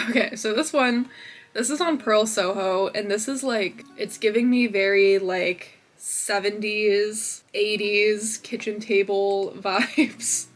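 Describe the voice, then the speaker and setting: A woman's voice: medium pitch, steady tone, slow. A young woman hosting a crochet video, chatting casually and upbeat from her home office with lots of fillers. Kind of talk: casual vlog chat.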